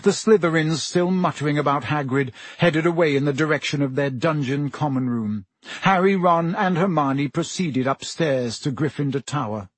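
A man reading a fantasy story aloud in an expressive audiobook style. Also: a little high, normal speed, slightly rough, no room sound. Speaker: audiobook narrator.

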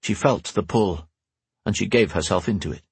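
Man, audiobook narrator, low voice, very raspy, dry close sound, measured fantasy narration. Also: no echo.

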